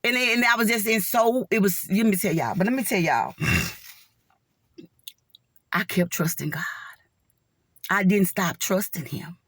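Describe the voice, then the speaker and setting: Speaking a little slowly with frequent pauses, a middle-aged nurse gives viewers her earnest faith testimony in casual speech, addressing them as y'all. Her medium-pitched voice is fairly bright and slightly rough, in studio quality with no room sound.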